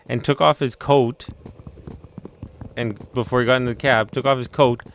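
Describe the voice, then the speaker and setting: A man's voice: mid-range voice, flat delivery, moderate pace, long pauses, fairly bright tone, slight background noise. A young man, chatting casually on a live stream and rambling through a story in an easygoing way. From Canada.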